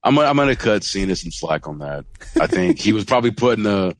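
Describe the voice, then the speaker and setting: A man's voice: on the low side, big pitch swings, fast, dry recording. A man co-hosting a casual podcast chat, hesitant and curious, often restarting his sentences. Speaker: podcast co-host.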